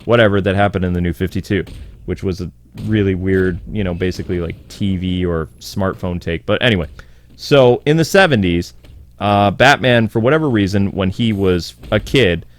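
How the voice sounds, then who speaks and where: A man hosting a casual comic book commentary video, animated and sarcastic, sounding exasperated as he riffs and jumps into quick character voices. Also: low voice.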